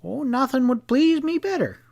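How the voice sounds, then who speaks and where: An airy Englishman with an English accent, put on by a man, speaking in a high, drawling voice. He sounds genteel and unhurried, pitching each phrase well above an ordinary man's speech. It is a character from an audiobook western. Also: big pitch swings, creaky, darkish tone, exaggerated voice.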